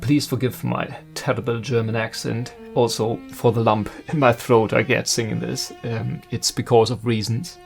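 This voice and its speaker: A man's voice: mid-range voice, flat delivery, moderate pace, gravelly, hardly any pauses, faint music behind. A man giving an earnest, admiring scripted narration about opera. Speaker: video essayist.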